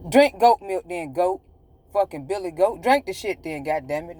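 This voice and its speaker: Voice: medium pitch, animated, darkish tone. A livestream host talking casually, ranting in a profane, mocking and exasperated way, stretching out and repeating words for emphasis. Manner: drawn-out, emphatic repetition. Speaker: livestream host giving health advice. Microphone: phone mic on a social media live stream.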